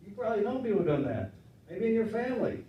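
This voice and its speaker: A man preaching a sermon in a relaxed, conversational way, acting out the voices of his listeners. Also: high voice, fast, lo-fi sound, a little hiss or hum. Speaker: pastor. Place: church sanctuary. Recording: roomy church sound from a distance.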